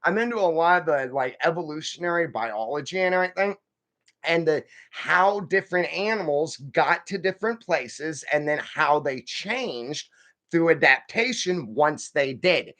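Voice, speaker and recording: Folksy guy rambling on a live stream, kinda high voice, calls everyone friend. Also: lively intonation, normal speed, fairly bright tone. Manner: rambling, chatty, reads viewer comments and answers them. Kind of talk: casual live-stream chat.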